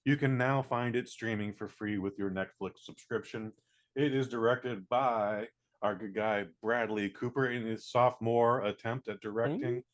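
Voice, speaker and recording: A man giving a casual spoken movie review, blunt and profane, acting out scenes in quick little voices. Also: mid-range voice. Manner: blunt, profane, animated, mimics characters.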